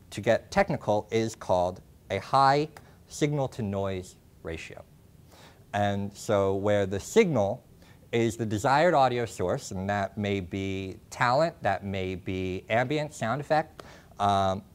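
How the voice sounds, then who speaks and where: Young male workshop presenter, lowish voice, halting lecture delivery with frequent fillers. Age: young adult. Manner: halting, many ums and restarts. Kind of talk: classroom lecture. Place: classroom. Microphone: lapel mic.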